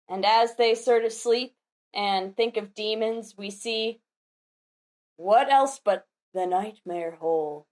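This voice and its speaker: A woman, a podcast panelist, recapping a comic chapter in animated, enthusiastic casual chat. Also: medium pitch, takes it slowly.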